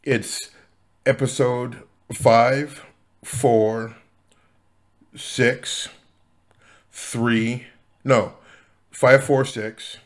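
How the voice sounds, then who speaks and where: A man's voice: medium pitch, fairly even intonation, very slow, pauses often. A man hosting a casual solo podcast, talking in a rambling way with many fillers, restarts and chuckles. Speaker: podcast host.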